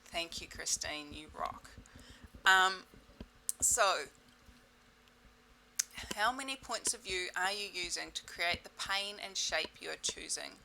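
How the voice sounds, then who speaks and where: A woman leading a self-help webinar in a playful, exclamatory way, repeating set clearing phrases. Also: fairly low pitch, slow, long pauses, pushed and bright, slight background noise, low-quality recording. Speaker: webinar facilitator.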